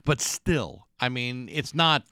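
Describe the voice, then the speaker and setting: A man hosting a classic rock radio show, chatting casually with a wry, deadpan manner. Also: mid-range voice, slow pace, dry recording.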